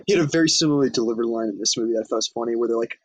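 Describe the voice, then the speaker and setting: A man's voice: medium pitch, very fast, a crowd in the background, poor audio. A man co-hosting a podcast, casually recapping a comedy film in a loose, profane way and acting out quoted lines. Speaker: podcast co-host. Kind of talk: casual movie recap chat.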